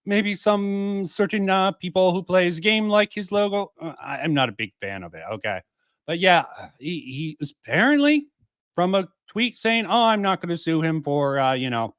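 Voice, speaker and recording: A man's voice: high-pitched, very animated, moderate pace, a bit bright, no room sound. A man streaming casual commentary, rambling and swearing, with many fillers and restarts.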